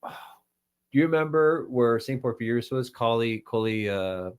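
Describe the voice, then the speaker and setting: A man in his thirties from the United States, co-hosting a casual podcast and telling a travel story with lively quoted voices. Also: mid-range voice, a little slow, clear, resonant tone. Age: 30s. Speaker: podcast co-host.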